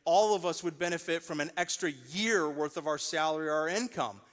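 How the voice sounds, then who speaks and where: A man in his forties delivers a sermon from a church stage, his voice sitting a little high. He tells stories and acts out the people in them with lively energy. The sound carries the long reverb of a large church auditorium. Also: brisk. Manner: animated storyteller, acts out quoted voices. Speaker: pastor.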